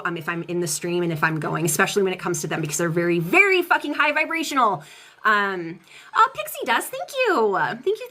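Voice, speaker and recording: A woman from Colorado doing a casual live-stream channeling session as a tarot reader, chatty and fast, swearing freely and greeting viewers in the chat. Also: mid-range voice, pushed and bright. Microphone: streaming setup.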